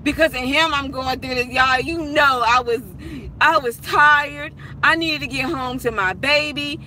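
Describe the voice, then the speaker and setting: High, bright-voiced chatty woman in a car. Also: measured pace, a little hiss or hum. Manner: chatty, animated storytelling with frequent laughs. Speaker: vlogger talking to viewers. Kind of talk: casual chat while driving. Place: inside a car.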